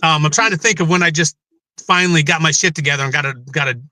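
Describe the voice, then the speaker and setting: Rambling, bright-voiced man telling his story. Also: on the high side, fast talker, no room sound. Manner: rambling, emotional, swears freely. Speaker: guest. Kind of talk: candid personal interview.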